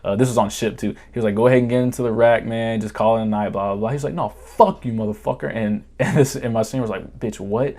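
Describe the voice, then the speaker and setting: Profane low-voiced man telling war stories. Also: fairly even intonation, quick pace, few pauses, warm tone. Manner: profane, rambling, laughs while telling. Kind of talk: casual storytime vlog.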